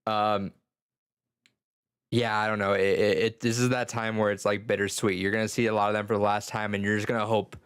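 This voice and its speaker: Young male teacher, lower pitch, casual and profane, rambling chat. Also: little pitch movement, fairly quick, fairly bright tone, smooth. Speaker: high school English teacher.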